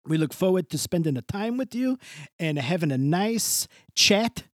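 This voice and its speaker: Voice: mid-range voice, big pitch swings, normal speed, dry recording, clean studio sound, natural voice. A podcast host putting on a comic caricature character, a pushy, hospitable figure with a mock Italian-style accent and broken grammar, rambling and laughing. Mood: effusive. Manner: effusive, rambling, laughs a lot.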